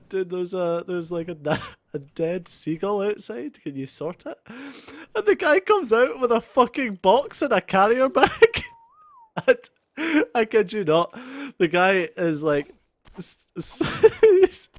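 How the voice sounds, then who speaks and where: A man's voice: high-pitched, no room sound, clean studio sound. A young man hosting a let's play, telling a story in a casual, sweary way and laughing through it. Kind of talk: casual storytelling over gameplay.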